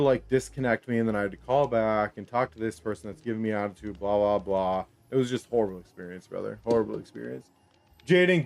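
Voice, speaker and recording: A man's voice: medium pitch, a little mellow, no room sound. A young man streaming a game from his room, chatting casually with viewers, calling them homies and brother in a laid-back slangy way. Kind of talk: casual live-stream chat while gaming. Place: home room.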